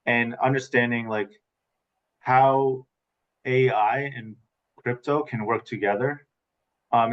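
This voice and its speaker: A man's voice: on the low side, lo-fi sound. A man speaking as a webinar panelist over a video call, casual and loose, trailing off into hedges and asides.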